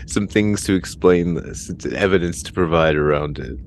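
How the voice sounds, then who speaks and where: A man's voice: deep voice, moderate pace, creaky, slight background noise. A man hosting a podcast, talking in a rambling, filler-heavy casual chat. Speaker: podcast host.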